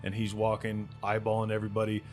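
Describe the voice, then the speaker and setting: A man's voice: lowish voice, monotone, quick pace, darkish tone, soft background music. A man running a tabletop game as game master, narrating in a loose, rambling way.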